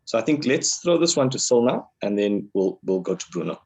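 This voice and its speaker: A man hosting an online webinar in a relaxed, joking way, with plenty of ums and easy laughter. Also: on the low side, fairly quick, husky. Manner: jokey, laughs easily, filler-heavy. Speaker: webinar host. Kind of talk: casual hosting chat. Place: online video call.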